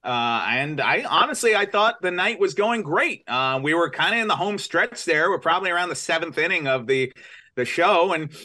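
A man from New York telling a self-deprecating story in a casual, animated way. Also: a little high, moderate pace.

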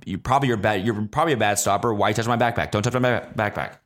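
A young man hosting a casual solo podcast, ranting with swearing and sudden high, exasperated outbursts. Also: quick pace, fairly bright tone. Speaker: podcast host. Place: traveling abroad, recording while away.

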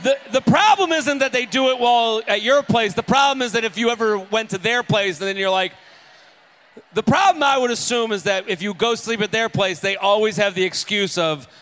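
High bright guy cracking jokes on stage at a live podcast, voice all over the place. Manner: joking, riffing quickly with a crowd. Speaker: podcast co-host. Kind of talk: comedic live podcast banter. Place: on stage in a theater.

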